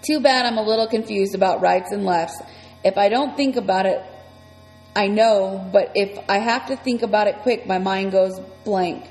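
A woman reading a first-person children's story aloud in a lively, breathless way. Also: mid-range voice, normal speed. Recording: long reverb, faint music.

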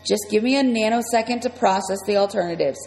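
A woman's voice: mid-range voice, a little mellow, natural voice. A woman voicing a small, brainy, bossy boy sidekick who gives urgent orders. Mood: calm. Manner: urgent, commanding, quick orders. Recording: long reverb, faint music.

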